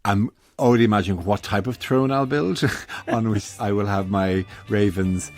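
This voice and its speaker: A man's voice: lowish voice, moderate pace, darkish tone, faint music behind. A man hosting a radio science show in a studio, chatting with guests in a wry, joking manner. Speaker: host. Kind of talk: studio chat.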